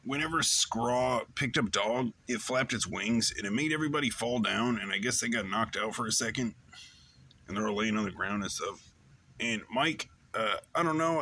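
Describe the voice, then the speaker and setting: Bright-voiced man rambling through a recap. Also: mid-range voice, normal speed, slight background noise. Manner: rambling, loose retelling with fillers. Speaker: show host. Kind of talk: casual episode recap.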